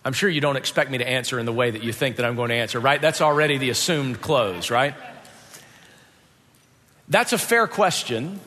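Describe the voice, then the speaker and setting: A man preaching a sermon in a conversational, animated way, full of rhetorical questions to his listeners. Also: mid-range voice, moderate pace, long pauses, big-room sound. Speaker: pastor.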